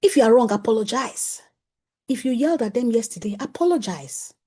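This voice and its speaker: A woman gives a conference talk to parents as a parenting coach. She speaks in an animated way, chuckles often, and acts out exchanges with her family. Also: a little high, a little fast, breathy edge.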